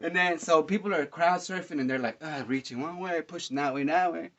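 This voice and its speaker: A man hosting a podcast, telling concert stories in a rambling, excitable way, full of fillers and slang. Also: on the high side, brisk. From Dallas, Texas. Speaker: podcast host. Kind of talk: casual storytelling monologue. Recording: dull lo-fi sound.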